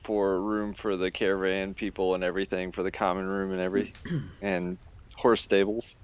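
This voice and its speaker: A man with a smooth, clear, lowish voice, playing a tabletop game. He explains his character's actions hesitantly, with pauses and fillers. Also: flat delivery. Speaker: player. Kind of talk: casual tabletop play.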